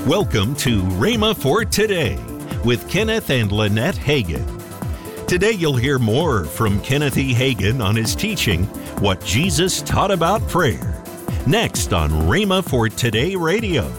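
A man's voice: medium pitch, big pitch swings, a little slow. Male radio announcer over music. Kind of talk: scripted program announcement.

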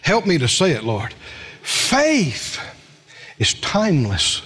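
A man's voice: fairly high pitch, huge pitch swings, slow pace, pauses often, fairly bright tone, slightly rough. A man preaching a sermon as pastor, folksy, calling on the congregation to respond.

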